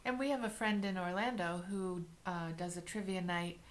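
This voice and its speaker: Woman with a lowish voice, relaxed podcast chat, just explaining stuff. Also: moderate pace.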